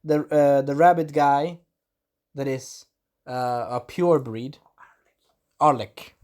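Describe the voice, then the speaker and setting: A man's voice: medium pitch, takes it slowly, a little mellow. A man casually recapping an anime episode as a reviewer, rambling loosely and acting out bits of dialogue. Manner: rambling, loose storytelling, acts out the quotes.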